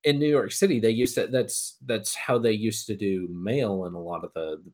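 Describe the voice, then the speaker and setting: A man chatting casually, telling animated anecdotes and mimicking the people in them. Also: on the low side, moderate pace. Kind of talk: casual chat.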